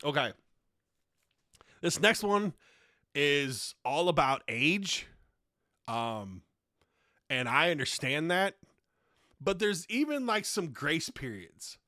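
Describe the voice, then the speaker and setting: A man hosts his own podcast and works through a profane, exasperated comedic rant. His voice sits high and bright, and it leaps up and down as he rails. The sound is close and dry, with no room echo. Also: slow, pauses often. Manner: heavy swearing, exasperated and animated. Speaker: podcast host.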